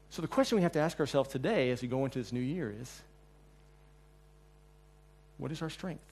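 A man preaching a sermon in a church. He tells the story with energy, acts out the quotes, and moves between loud and quiet passages. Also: medium pitch, a little fast, pauses often, breathy edge. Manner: animated storyteller, acting out quotes, swings between loud and soft.

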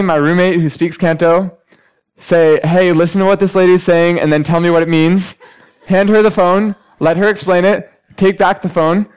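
A young man preaching a sermon, telling personal stories and acting out everyday conversations with lively energy. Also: a little high, clear, resonant tone, poor audio. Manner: storytelling, animated when acting out conversations.

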